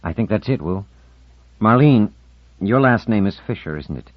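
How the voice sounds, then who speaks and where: A man's voice: lowish voice, lively intonation, normal speed, no room sound, lo-fi sound, pitched above the performer's own voice. Man as an earnest, yearning father. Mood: pleading.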